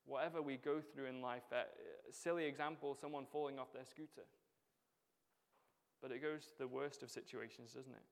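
In a church with long hall reverb, a medium-pitched man preaches at a moderate pace in a steady tone. His style is conversational, and he keeps asking the congregation rhetorical questions.

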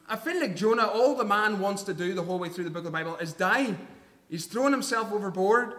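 Man preaching, high voice, earnest and emphatic, long reverb of a church hall. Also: a bit bright. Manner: earnest, emphatic, reads scripture aloud. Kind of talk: sermon.

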